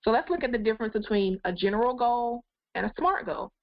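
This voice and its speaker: A woman's voice: on the high side, animated, fast talker, no echo. Woman life coach, encouraging webinar host, muffled dry webcam sound. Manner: encouraging, addresses viewers directly. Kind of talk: live goal-setting webinar talk.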